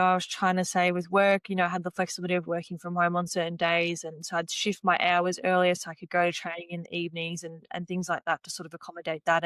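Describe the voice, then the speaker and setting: A young woman with a lowish, clear, resonant voice, recorded dry, chats as a podcast guest about her past as a swimmer. She retells conversations by quoting herself and others, relaxed and full of "like" and "you know," in casual interview storytelling.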